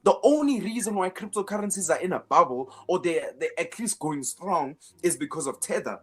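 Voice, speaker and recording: A man's voice: high voice, expressive, a little fast, breathy edge. A man hosting a finance show in casual commentary, emphatic, repeating words as he builds each point, with sarcastic asides.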